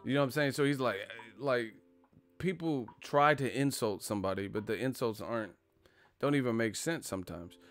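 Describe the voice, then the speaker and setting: A man's voice: mid-range voice, normal speed, soft background music. A man hosting a boxing live stream, chatting casually and profanely, full of fillers and asides. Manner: loose, profane, filler-heavy banter.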